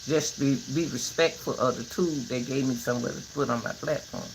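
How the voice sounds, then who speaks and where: Brief: older woman, vlogger, folksy and animated, lecturing her viewers; faint crickets behind. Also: rumbling low, brisk, creaky, noisy background. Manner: animated, preachy, folksy advice. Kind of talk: casual vlog talk.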